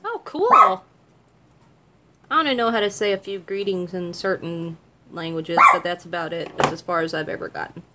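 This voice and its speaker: Working on jewelry at home, a woman talks with livestream viewers in a relaxed, chatty way, laughing easily, using their names and answering questions. Her pitch is fairly low and her speed normal, and the recording is very noisy, with a dog barking.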